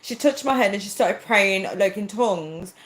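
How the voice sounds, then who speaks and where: A woman's voice: mid-range voice, animated, normal speed. A woman chatting casually on a livestream, telling a personal story and acting out the dialogue. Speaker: livestreamer reading viewer comments. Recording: roomy echo.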